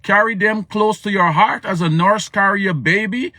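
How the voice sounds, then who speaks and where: A man's voice: sits high, moderate pace, sharp tone, no echo, pitched above the performer's own voice. A man voicing an exasperated, weary prophet who pleads and complains to God in an informal way.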